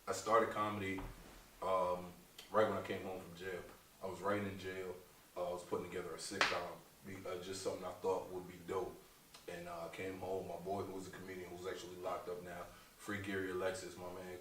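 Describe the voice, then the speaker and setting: Low-pitched male comedian, animated and profane storyteller; recorded far off the mic in an echoey room with faint noise. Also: moderate pace. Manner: animated, laughing, profane, slangy. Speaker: comedian guest. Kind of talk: casual interview storytelling.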